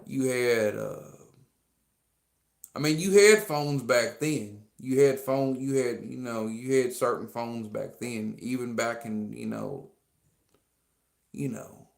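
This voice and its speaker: A man's voice: mid-range voice, gravelly. A man talking casually to viewers on a livestream, rambling and repeating himself, earnestly thanking his fans. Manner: rambling and repetitive, full of fillers. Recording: echoey room.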